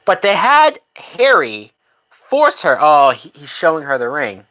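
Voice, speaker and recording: A woman's voice: low-pitched, huge pitch swings, a little slow, fairly bright tone. A woman hosting a live movie watch-along, talking bluntly with frequent swearing and laughter. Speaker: movie reaction host.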